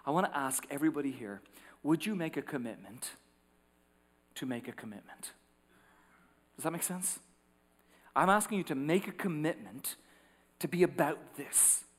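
Male pastor, higher-pitched voice, animated storyteller who drops to hushed asides, sanctuary reverb. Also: normal speed, pauses often. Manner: animated storytelling, acting out quotes, swings from loud to hushed. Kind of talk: sermon. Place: large church sanctuary. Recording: long reverb of a large hall.

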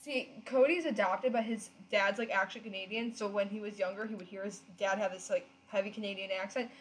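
A woman with a Western New York accent co-hosting a podcast, chiming in with wry quick remarks in casual chat. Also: mid-range voice, steady tone, a little hiss or hum. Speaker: podcast co-host.

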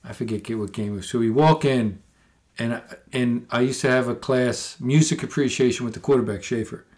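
A man co-hosting a sports podcast, trading stories with a friend. His voice sits at an ordinary middle pitch. He tells tales with energy, swears freely and acts out other people's lines. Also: a little fast. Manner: animated storyteller, swears freely, acts out quotes. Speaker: podcast co-host. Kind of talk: casual sports chat.

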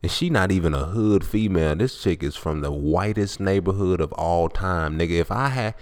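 A man in his twenties talks straight into his podcast with no script. He preaches bluntly and swears freely as he tells his stories. His voice sits low and carries a rough, gravelly fry. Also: normal speed. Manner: profane, blunt, preachy storytelling. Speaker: podcast host. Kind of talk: unscripted monologue.

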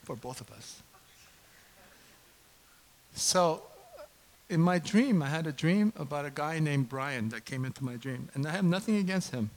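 A middle-aged man preaching a casual sermon in a church, chatty and self-deprecating, bursting into loud impassioned preaching when he gets going. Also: fairly high pitch, lively intonation, measured pace, long pauses, rough recording. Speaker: pastor. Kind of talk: conversational sermon.

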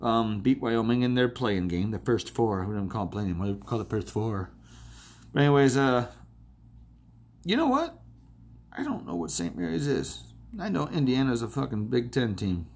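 A man's voice: on the low side, expressive, normal speed, darkish tone. A man hosting his own podcast alone, talking to himself as he makes tournament picks, joking and swearing as he goes. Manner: rambling, self-talking, jokey and profane. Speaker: podcast host. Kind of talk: casual solo sports-picks monologue.

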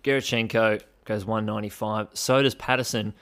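A man's voice: lowish voice, normal speed. Chatty, wry man podcasting. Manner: chatty, wry, swears casually, animated bursts. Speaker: podcast host. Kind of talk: casual sports commentary podcast.

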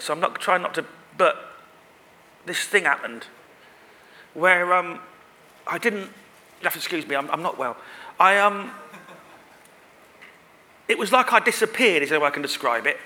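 A man's voice: sits high, sharp tone. A man, a guest at a live podcast recording, telling a rambling, self-deprecating story on stage. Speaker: guest performer. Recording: live venue with long reverb.

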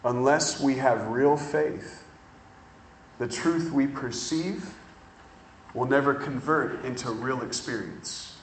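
A man preaching a sermon, telling stories in an animated way and drawing out words for emphasis. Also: mid-range voice, roomy sound, slight background noise, poor audio. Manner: animated storytelling with drawn-out emphasis.

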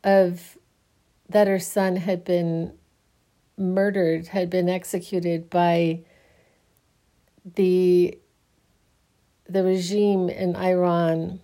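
Slow, sleepy woman musing softly. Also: on the low side, little pitch movement. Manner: slow, halting, restarts often, soft laughs. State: sleepy, yawning. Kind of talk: casual spiritual musing.

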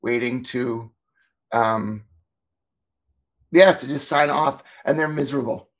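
A man, a former teacher co-hosting a talk show, telling stories in a lively, casual way and acting out what people said. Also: mid-range voice, slow pace. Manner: animated, acts out quoted dialogue. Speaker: podcast co-host, former teacher. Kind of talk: casual storytelling chat.

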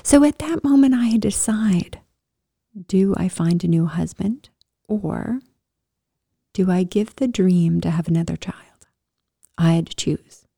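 A woman telling her own story in a casual, animated way, swinging from loud bursts to soft whispers. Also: on the low side, a little slow, gravelly, pauses often, breathy edge, no room sound, studio quality. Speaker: storyteller sharing a personal story.

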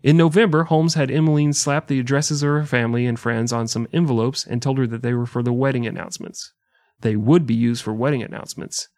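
A man's voice: mid-range voice, fairly even intonation, fast, a little mellow, no echo. A man co-hosting a casual comedic history podcast, joking and laughing often as he tells the story. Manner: jokey, laughs often, breaks into mock singing. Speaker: podcast co-host.

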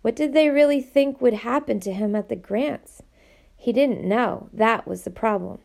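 A woman reading a novel aloud in an expressive, animated way. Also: a little high, moderate pace, creaky. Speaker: audiobook reader.

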